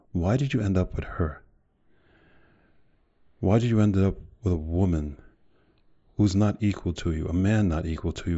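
A man hosting a podcast, giving a motivational monologue built on repeated rhetorical questions and slow, drawn-out emphasis. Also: deep voice, mellow, muffled recording. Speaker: podcast host.

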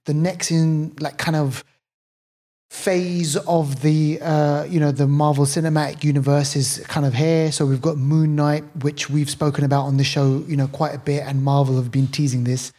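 Mellow-voiced man chatting about films. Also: on the high side, flat delivery, moderate pace. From England. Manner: rambling, many fillers and restarts. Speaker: podcast co-host. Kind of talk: casual film review chat.

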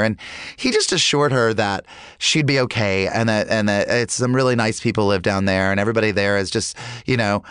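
Man in his own smooth, even voice, casual storyteller who trips over restarts, close dry mic. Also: fairly low pitch, fairly quick, no room sound. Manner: rambling, full of fillers and restarts. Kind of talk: casual anecdote.

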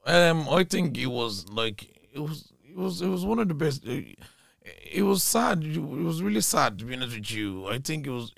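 A man's voice: on the high side, animated, moderate pace, vocal fry, fairly bright tone, dry recording. A man, a guest telling rambling, laughing stories in a casual chat. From Ireland. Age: 30s. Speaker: podcast guest.

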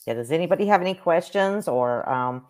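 A woman with a very low voice talks casually on a live stream as a psychic medium. She rambles and hesitates, using many fillers. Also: expressive, brisk, darkish tone.

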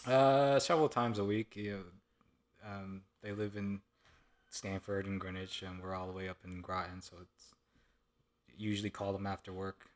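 A young adult man speaks as a guest in a relaxed interview. His voice is a touch low, and he often stops and restarts with fillers as he thinks aloud. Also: normal speed. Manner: hesitant, many fillers. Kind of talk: casual interview chat.

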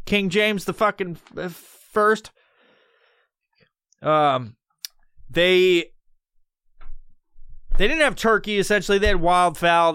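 A man's voice: mid-range voice, fairly bright tone, clear, resonant tone, dry recording, studio quality. A man hosting a solo podcast, rambling loosely and swearing constantly as he jokes his way through a history talk. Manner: profane, rambling, loose and jokey. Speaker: podcast host. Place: recording alone.

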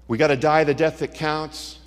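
A man's voice: a little high, steady tone, normal speed. Middle-aged man preaching in a hall. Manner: dramatic storytelling with punchy asides. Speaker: Christian speaker. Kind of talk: testimony sermon. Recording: long hall reverb.

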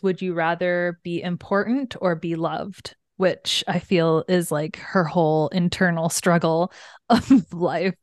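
A woman's voice: on the low side, smooth, no room sound, studio quality. A woman chatting casually about a novel, recapping chapters and acting out characters' lines. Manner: relaxed, acts out characters' lines. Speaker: book discussion co-host.

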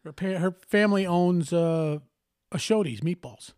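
A man from Syracuse co-hosting a casual podcast, tossing out deadpan one-liners. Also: high voice, moderate pace, clear, resonant tone, dry recording, studio quality. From Syracuse, New York. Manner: wisecracking, deadpan jokes. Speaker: podcast co-host. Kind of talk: casual chat.

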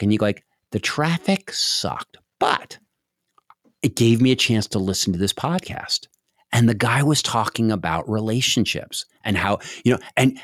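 Animated man acting out little dialogues. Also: mid-range voice, no room sound, clean studio sound. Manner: animated, acts out example dialogues, frequent restarts. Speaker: podcast host giving advice. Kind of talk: casual conversational advice.

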